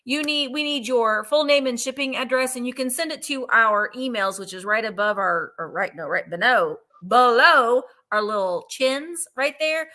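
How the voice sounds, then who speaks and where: A woman's voice: on the high side, normal speed, few pauses, pushed and bright. A woman hosting a live-streamed vintage sale, chatting in a bubbly way and greeting viewers one by one. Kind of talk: live-stream sales chat.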